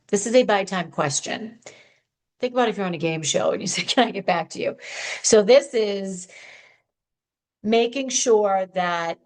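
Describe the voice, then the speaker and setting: A woman at an ordinary middle pitch hosts an upbeat advice podcast. She talks in a chatty, animated way straight to her listeners and sounds a little hopped up. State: hopped up on sugar. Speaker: podcast host.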